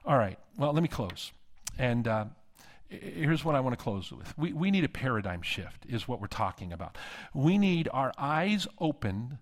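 A middle-aged man, a seminary dean, preaching a sermon and telling stories with humor, acting out the voices of people he quotes. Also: fairly high pitch. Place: conference hall.

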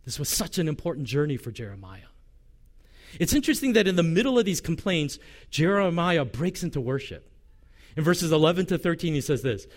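A male pastor delivers an impassioned sermon, his fairly high voice swinging widely as he speaks. He slips into the first person to voice a prophet's complaints. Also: big pitch swings, a little fast.

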